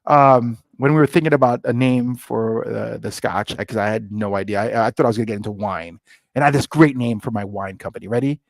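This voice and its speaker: A middle-aged man telling stories in a casual interview, animated and acting out dialogue, often jumping up in pitch. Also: a little fast, creaky, no echo, rough recording. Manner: animated, jumps to high excited pitch when retelling; many fillers and restarts, acts out quoted dialogue. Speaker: guest, scotch brand founder.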